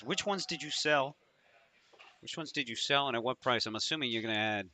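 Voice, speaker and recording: A man's voice: mid-range voice, fairly quick, sharp tone. A man hosting a live trading stream, talking through charts in loose, profane, joking banter.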